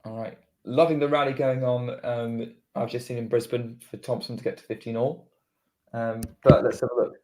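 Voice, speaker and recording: A British man co-hosts a casual tennis watchalong, giving live play-by-play that quickens during rallies and chatting between points. His mid-range voice is a little mellow, with little pitch movement.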